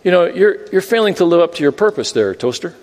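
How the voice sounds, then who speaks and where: A man's voice: sits high, very animated, quick pace, a little mellow. Guy acting out a fed-up regular dude nagging his appliance, echoey church hall. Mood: exasperated. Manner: scolding, pleading. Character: exasperated ordinary man scolding his appliance.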